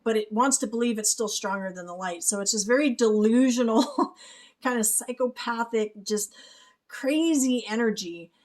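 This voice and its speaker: Offering reaction commentary on a music video, a spiritual reader explains things gently, tossing in "okay?" and small laughs. Her voice is on the high side, at normal speed.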